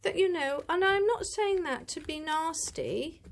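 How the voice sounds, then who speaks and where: A woman's voice: very high-pitched, lively intonation, unhurried. A woman chatting to camera as she reviews a tarot deck, gushing, rambling and full of asides.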